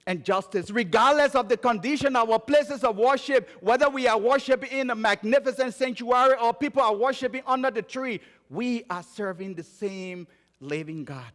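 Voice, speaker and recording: A man from Liberia with a Liberian accent, preaching a sermon and telling stories, moving between emphatic raised phrases and quiet low ones. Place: church sanctuary. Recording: church sanctuary with long reverb.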